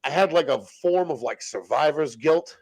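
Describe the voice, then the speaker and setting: A man telling rough stories as a podcast guest, in blunt, profane street slang. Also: a little high, expressive, moderate pace, darkish tone. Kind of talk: casual storytelling.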